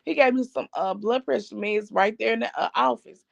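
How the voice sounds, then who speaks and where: A middle-aged woman running a family channel talks briskly in a gravelly, higher-pitched voice, telling viewers a lengthy story and repeating what people said to her, "I said, he said" style. The streaming setup sounds dull and lo-fi, with no room sound.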